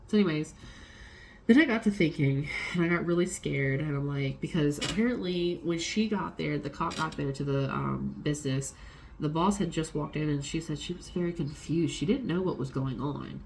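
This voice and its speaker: A young woman vlogger telling a personal story in a casual, animated way, swearing freely and acting out the people she quotes. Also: deep voice, normal speed, vocal fry, a little hiss or hum.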